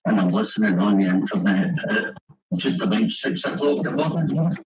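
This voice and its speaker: A man's voice: fairly low pitch, lively intonation, normal speed, distant mic, highs cut off. A man from Scotland with a thick Scottish accent, calling in to a radio show, easygoing and polite. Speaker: caller. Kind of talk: call-in radio chat.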